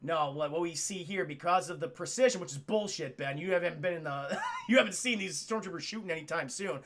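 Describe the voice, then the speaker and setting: A young man streaming, retelling a film to his chat in a loose, animated way and swearing often. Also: fairly high pitch, a little fast. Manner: animated, profane, addresses chat. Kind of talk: casual livestream movie retelling.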